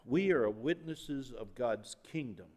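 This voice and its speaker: A man's voice: medium pitch, expressive, takes it slowly. Dynamic preacher man in a reverberant hall. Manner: dynamic preaching, swinging between loud and quiet. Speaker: pastor. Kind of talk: sermon. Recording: long reverb of a large hall.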